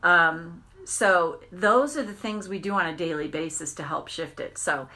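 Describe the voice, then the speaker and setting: A middle-aged woman coaching tapping on a live stream, talking in an earnest, rambling way with restarts and quick asides. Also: fairly low pitch, bright, forceful tone. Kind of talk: casual live-stream talk.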